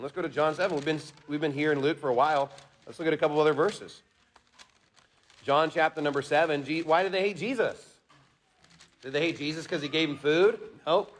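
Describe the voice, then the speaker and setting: High-voiced man preaching a fiery sermon. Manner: forceful preaching with rhetorical questions. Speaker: pastor.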